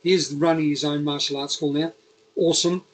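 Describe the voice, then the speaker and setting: A man's voice: fairly high pitch, steady tone, normal speed, poor audio. A man with a Liverpool accent hosting a casual interview, rambling and chatty with lots of fillers and restarts. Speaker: podcast host.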